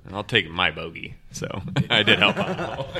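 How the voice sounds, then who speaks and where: A man telling a lively golf story as a podcast guest, acting out what people said. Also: on the low side, normal speed, a loud crowd. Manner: animated storyteller acting out quotes. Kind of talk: casual storytelling.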